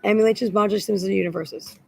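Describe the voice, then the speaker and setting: A woman's voice: mid-range voice, steady tone, very fast, creaky, warm tone, slightly rough, low-quality recording. A woman in a rambling, agitated spoken monologue that loops back on the same words.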